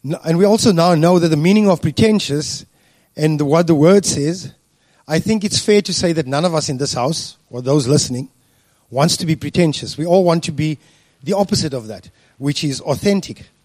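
A man's voice: fairly high pitch, animated, darkish tone, dry recording. Man preaching with a dry close sound. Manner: deliberate, with frequent fillers and restarts. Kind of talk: sermon.

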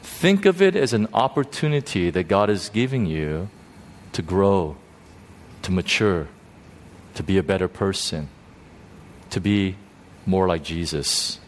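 A male pastor preaching a sermon in a church, animated and emphatic, often repeating himself as he builds to a point. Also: measured pace, pauses often, a little hiss or hum. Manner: animated preaching, rising to high pitch for emphasis, frequent repetitions.

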